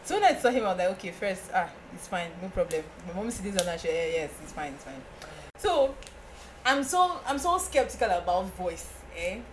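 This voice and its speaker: A young woman with a Nigerian accent, a podcast guest telling a story in casual chat, animated and often laughing. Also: a little fast, slight background noise. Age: young adult. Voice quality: laughing, animated, breaks into high squeals.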